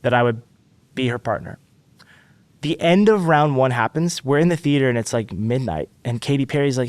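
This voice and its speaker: A man telling a story as a podcast guest, animated and acting out quotes with big jumps in pitch. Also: a little fast, no room sound. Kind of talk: casual storytelling.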